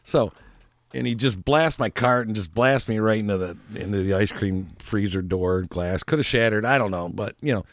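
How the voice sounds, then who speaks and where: A man's voice: lowish voice, normal speed, no echo, clean studio sound. A man co-hosting a casual chat show who rambles through stories, laughs often and trips over his words. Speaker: co-host. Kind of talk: casual radio-style chat.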